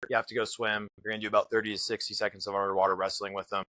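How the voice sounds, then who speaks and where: A man's voice: fairly low pitch, no room sound, low-quality recording. A man telling a story in casual podcast talk, acting out what other people said as he goes. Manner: fast, animated retelling with voiced quotes. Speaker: guest.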